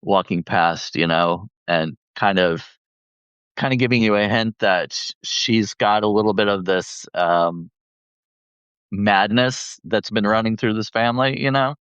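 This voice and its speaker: A man's voice: lowish voice, measured pace, fairly bright tone, clear, resonant tone, no echo. A man in a casual discussion, speaking hesitantly with many fillers, on a dull lo-fi line.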